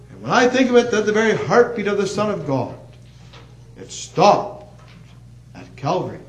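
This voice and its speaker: A man preaching a sermon, swinging between emphatic calls and hushed, soft passages. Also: high-pitched, huge pitch swings, normal speed, long pauses, rough recording.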